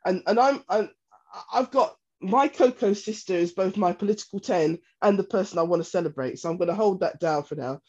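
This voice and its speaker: A woman hosting a casual podcast, bantering and quick to laugh as she moves between segments. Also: medium pitch, a little mellow, muffled recording. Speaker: podcast host.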